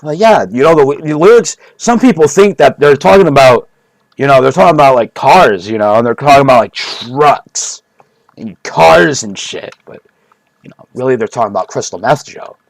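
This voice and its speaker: A man's voice: mid-range voice, animated, normal speed, vocal fry, dry recording. Rambling man with dry close mic. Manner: rambling, repetitive, mock-serious. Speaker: streamer. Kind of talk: rambling comedic monologue.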